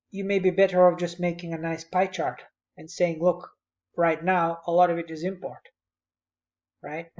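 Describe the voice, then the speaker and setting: A man's voice: high voice, a little mellow, highs cut off. A male instructor giving conversational, encouraging spoken feedback to a student on a presentation, speaking at his computer.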